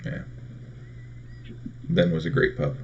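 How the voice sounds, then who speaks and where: A man co-hosting a casual chat, telling stories and acting out what others said. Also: takes it slowly. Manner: animated storyteller, acts out quotes. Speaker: co-host. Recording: dull lo-fi audio.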